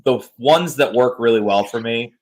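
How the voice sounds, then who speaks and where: A man in his thirties hosts a casual podcast and tells stories with animated, joking energy. His voice sits in a middle pitch. He swears freely and easily. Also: normal speed, a little hiss or hum, rough recording. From United States. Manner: animated storyteller, jokey and profane. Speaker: podcast host. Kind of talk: casual chat.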